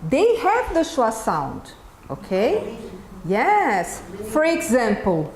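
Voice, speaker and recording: A woman with a Brazilian Portuguese accent, a native Portuguese speaker, presents to a room of teachers at an unhurried pace. Her voice sits a little high, and she ends almost every point with a checking "okay?". The sound is echoey, with faint noise behind it. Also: wildly swooping pitch, darkish tone. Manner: keeps checking in with "okay?" after each point. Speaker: teacher trainer presenting a workshop. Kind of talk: live workshop talk to teachers. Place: event room with an audience.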